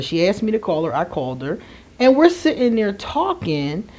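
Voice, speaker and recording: A woman in her forties talking candidly to viewers, animated and laughing, with slangy asides. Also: mid-range voice. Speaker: astrology vlogger. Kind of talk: candid storytelling chat to viewers.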